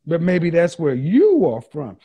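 Guy with a pretty high voice on his livestream, sarcastic, keeps roasting commenters and repeating the punchline. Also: wildly swooping pitch, a little slow, warm tone, husky. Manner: reads viewer comments aloud and reacts. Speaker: livestream host.

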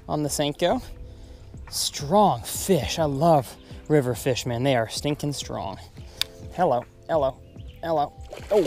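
A young fishing vlogger with a fairly high, slightly mellow voice narrates his own trip outdoors on a river. His commentary is excited, full of exclamations and repeated phrases.

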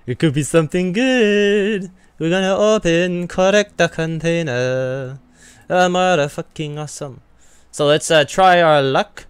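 A man hosting his own gaming channel, giving casual, excitable commentary over a naval battle game and swearing freely as he talks to the enemy. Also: a little high, moderate pace, clean tone, no room sound. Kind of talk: live gameplay commentary.

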